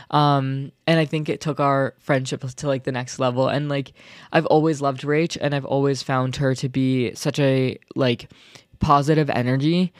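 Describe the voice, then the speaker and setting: A young man hosting his own podcast, chatting casually and excitably in a rambling way with lots of filler words. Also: mid-range voice, clean tone, no room sound, clean studio sound. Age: young adult. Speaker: podcast host. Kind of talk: casual solo podcast chat.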